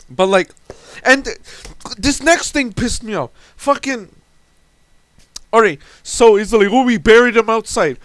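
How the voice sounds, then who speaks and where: A man's voice: high-pitched, a bit bright, clean tone, dry recording. A young man at home ranting about a tabletop game, exasperated and swearing, often stumbling over restarts. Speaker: storyteller recounting a tabletop game. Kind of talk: ranting storytelling monologue.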